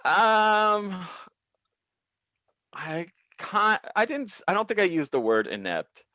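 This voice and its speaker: A man, a comedian, telling a workplace story over a video call, acting out the people in it with big pitch jumps and plenty of swearing. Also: no room sound. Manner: animated, profane, acts out quoted people with big pitch jumps. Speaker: comedian guest. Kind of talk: comic storytelling.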